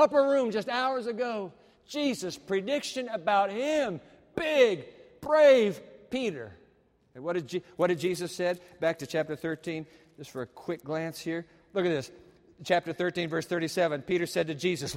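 High-voiced dramatic male preacher. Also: lively intonation, normal speed, long reverb tail. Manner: dramatic, swings from loud to hushed. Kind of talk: sermon.

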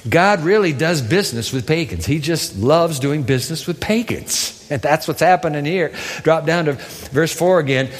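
A male pastor preaches with animated, theatrical storytelling, his fairly high voice leaping widely in pitch. A long hall reverb hangs on his words. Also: normal speed. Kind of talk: sermon.

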